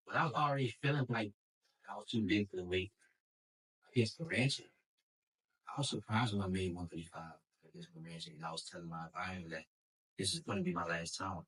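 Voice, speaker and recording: Resigned boxer, heard from afar. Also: male voice, low-pitched, fairly quick, breathy edge, distant mic, low-quality recording. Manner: relaxed, resigned, plain-spoken. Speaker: professional boxer. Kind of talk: post-fight interview clip.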